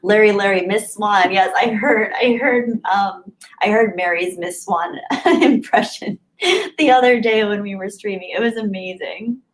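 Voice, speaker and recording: A woman's voice: medium pitch, measured pace, poor audio. A woman hosting a casual live stream, reading viewer comments aloud and chatting back, laughing often and sometimes dropping to near whispers.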